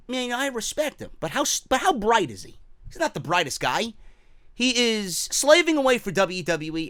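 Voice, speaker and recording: A man's voice: high-pitched, a bit bright, dry recording, studio quality. A man hosting a wrestling opinion show, ranting heatedly and profanely, often repeating himself. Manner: mocking quoted voices. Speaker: wrestling commentary host.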